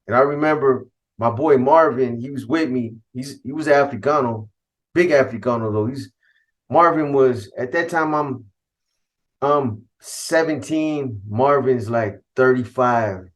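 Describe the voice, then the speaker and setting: A middle-aged man from California tells a story from his past in loose, profane street slang. He acts out the other people's lines as he goes, and his voice sits in an ordinary middle pitch. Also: a little slow. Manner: street slang, cursing, quotes others in dialogue. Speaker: host telling a personal story. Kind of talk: casual storytelling.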